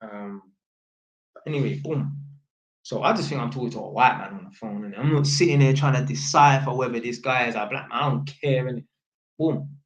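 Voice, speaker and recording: A man's voice: mid-range voice, a little fast. Young man, London accent, street slang, "innit" tags, roomy sound, slightly muffled. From England. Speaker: vlogger. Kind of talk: casual storytelling monologue.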